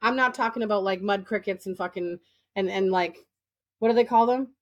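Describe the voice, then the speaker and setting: A woman's voice: medium pitch, fairly quick, darkish tone, dull audio. A woman in her late twenties co-hosting a podcast in casual chat, swearing freely and acting out other people's lines as she tells stories. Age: late 20s. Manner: swears freely, acts out quoted dialogue in storytelling. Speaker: podcast co-host.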